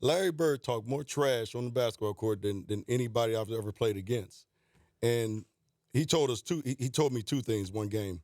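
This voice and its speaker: A man in his fifties sits in a radio studio as a guest and tells lively anecdotes, quoting people along the way. The studio mic gives his middle-pitched voice a close, dry sound. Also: moderate pace, dry recording. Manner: animated anecdotes, quoting players, laughing. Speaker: guest, former basketball coach. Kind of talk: storytelling in a radio interview.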